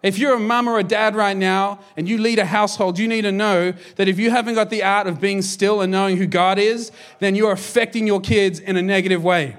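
A man in his thirties, a pastor, preaching a sermon in an energetic, jokey, conversational way. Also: high voice, brisk, few pauses.

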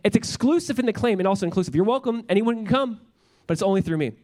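A man's voice: high-pitched, lively intonation, quick pace, a little mellow. A young adult man, a pastor, preaching a sermon in a church with an earnest, conversational manner, often restarting his phrases.

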